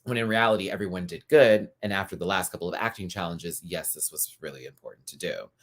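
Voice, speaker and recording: A man hosting a casual live review stream, campy and animated, chatting asides to his viewers. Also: sits low, quick pace. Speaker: YouTube host reviewing a TV show.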